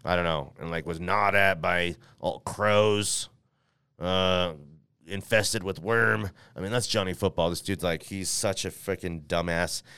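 Rambling, smooth-voiced man on a podcast. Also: low-pitched, fairly even intonation, a little slow, sharp tone, dry recording, studio quality. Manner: rambling, self-correcting, many fillers. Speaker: podcast host. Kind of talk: casual podcast talk with ad read.

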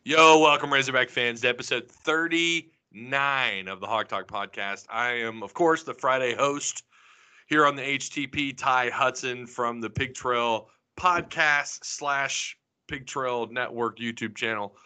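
Male podcast host, Arkansas accent, very bright forceful voice, animated. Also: medium pitch, measured pace, clear, resonant tone. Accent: Arkansas, mild. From Northwest Arkansas. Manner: animated, emphatic, joking. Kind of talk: casual sports podcast chat.

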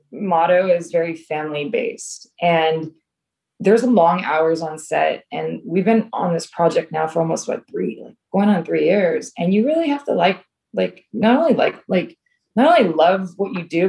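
A woman's voice: on the low side, lively intonation, moderate pace, vocal fry, a little mellow. A woman talking casually in an interview, telling a long story full of "like", fillers and restarts. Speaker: filmmaker guest.

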